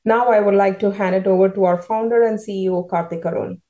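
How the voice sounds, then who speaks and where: A woman reading a short formal introduction as a company advisor, soft and scripted. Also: medium pitch, fairly even intonation, quick pace, dull audio. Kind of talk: read introduction. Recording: roomy echo.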